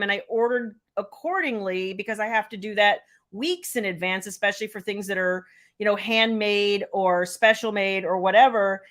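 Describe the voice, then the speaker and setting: A woman's voice: medium pitch, moderate pace, a bit bright. A middle-aged woman, chatting casually on a live stream and answering viewers by name. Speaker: romance author hosting a live stream.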